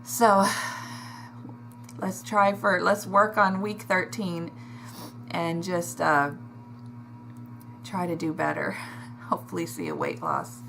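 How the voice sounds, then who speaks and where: A woman talking in a personal video diary, emotional and halting, pausing and sighing as she speaks. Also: fairly low pitch, lively intonation, gravelly, a bit bright, slight background noise. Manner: emotional, halting, with sighs and restarts. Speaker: vlogger.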